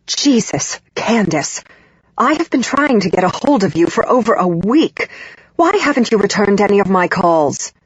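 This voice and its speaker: A woman's voice: medium pitch, big pitch swings, normal speed, slightly rough, no room sound, muffled recording. A woman voicing a critical, controlling middle-aged mother in an audiobook, with a cold, reproachful manner. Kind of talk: audiobook character voice.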